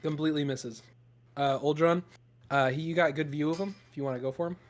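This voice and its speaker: A man's voice: on the high side, steady tone, brisk. A man running a tabletop game as game master, narrating loosely with fillers and laughter.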